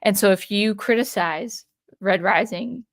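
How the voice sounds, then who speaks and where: A woman's voice: medium pitch, a little slow. A woman hosting her own livestream, chatting casually in a rambling way with many restarts and repeated words. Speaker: channel host.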